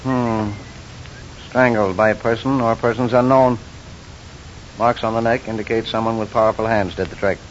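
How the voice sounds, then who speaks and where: A man plays a dry, clinical medical examiner in a vintage radio drama. His voice is fairly low and his delivery clipped and matter-of-fact. The dull old recording carries a faint rumble. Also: fairly even intonation, normal speed, lightly acted. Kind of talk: 1940s radio acting.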